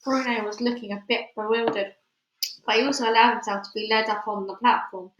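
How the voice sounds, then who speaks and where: A woman's voice: on the high side, steady tone, brisk, dull audio. Woman reading a storybook aloud in an echoey room. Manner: clear storytelling, chatty and hesitant in the sign-off. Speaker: audiobook reader. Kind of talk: reading a children's novel aloud.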